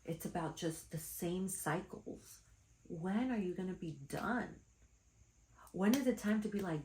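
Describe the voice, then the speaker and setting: Gravelly woman giving a casual card reading. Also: fairly low pitch, measured pace, pauses often, noisy background. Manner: chatty, blunt, calls listeners darlings. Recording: echoey room.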